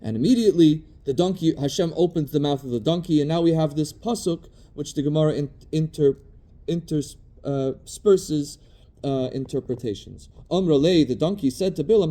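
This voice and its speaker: A man gives a Talmud study lecture in a very mellow, dark voice that sits a bit high. He reads Hebrew and Aramaic phrases and translates each one, pausing thoughtfully as he hunts for his words. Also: expressive. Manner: thoughtful, searching for words mid-sentence. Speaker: Torah teacher.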